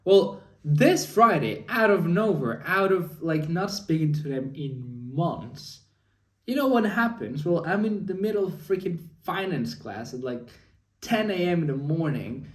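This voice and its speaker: A man's voice: fairly high pitch, big pitch swings, unhurried, recorded from a distance. Young man rambling, off mic in an echoey room. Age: young adult. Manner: rambling, lots of fillers. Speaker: vlogger. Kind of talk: casual spoken diary.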